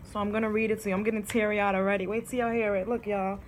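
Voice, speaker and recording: A woman's voice: mid-range voice, flat delivery, fast talker, background noise. A young woman, chatting on her vlog and reading her own poems aloud in a heartfelt, emotional way, calling her viewers y'all. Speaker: vlogger.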